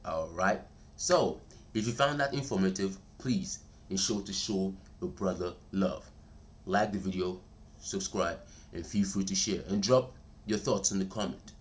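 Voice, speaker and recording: Man, very low voice, laid-back tutorial host; chatty, repeats himself, keeps asking "all right?". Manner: chatty and repetitive, calls viewers "bro" and "man", checks in with "all right?"; slows down and speaks steadily when demonstrating. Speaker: voice coach vlogger. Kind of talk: casual spoken tutorial.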